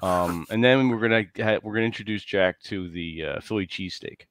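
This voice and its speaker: A man's voice: lowish voice, brisk, a bit bright, no echo, studio quality. A man co-hosting a casual podcast chat, rambling and laughing as he talks through plans. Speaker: co-host.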